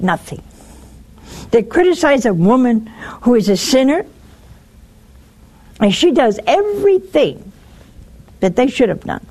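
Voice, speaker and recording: Woman, broadcast sermon, slow, very lively pitch, wry, teasing, whispers for emphasis. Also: slightly rough. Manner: animated storytelling, dropping to a whisper for emphasis. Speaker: preacher.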